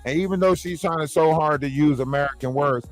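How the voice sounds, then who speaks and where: A man's voice: a little high, fairly quick, soft background music. A man hosting a livestream, talking casually and mockingly in slangy gossip commentary. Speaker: livestream host.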